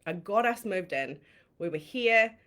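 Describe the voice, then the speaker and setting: A woman with a New Zealand accent, a coach telling her own story in a candid, excitable way, laughing often and swearing casually on a live stream. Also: medium pitch, a little slow. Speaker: manifestation coach.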